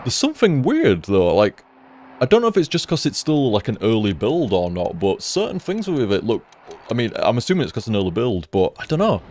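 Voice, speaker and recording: A man's voice: medium pitch, wildly swooping pitch, brisk, a little mellow, slight background noise. A man casually chatting while he plays a game, chatty and sweary, often laughing at his own jokes. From United Kingdom. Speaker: gaming streamer. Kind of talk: casual chat while playing.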